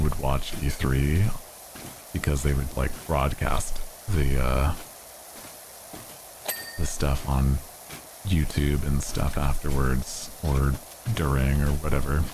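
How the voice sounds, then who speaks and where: Very deep-voiced man, slow and rambling. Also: fairly even intonation, noisy background. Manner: rambling, easygoing, with frequent fillers and restarts. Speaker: VTuber streamer. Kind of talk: casual gaming stream chat.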